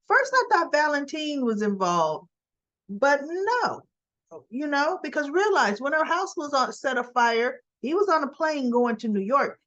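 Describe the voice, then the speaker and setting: A woman's voice: a little high, a bit bright, lo-fi sound. A woman casually retelling a soap opera episode, quoting the characters as she goes along. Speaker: soap opera recap vlogger.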